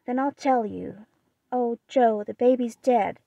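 A woman voicing a gentle, shy young girl in an audiobook reading, speaking softly and earnestly. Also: on the high side, unhurried, vocal fry, no echo, lo-fi sound, pitched above the performer's own voice. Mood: sad. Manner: soft, quiet, earnest.

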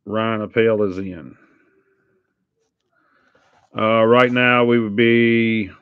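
A man's voice: fairly low pitch, little pitch movement, very slow, long pauses, clean tone, dry recording. A man hosting a live trading card break, chatting casually and teasing viewers with sing-song hype calls. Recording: dull lo-fi stream audio.

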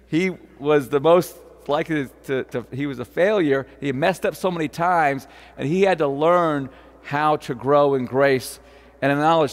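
A man's voice: a little high, in a large hall. A man preaching a sermon in a church, talking in a conversational way and quizzing the congregation, with frequent fillers and restarts. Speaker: pastor. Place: church sanctuary.

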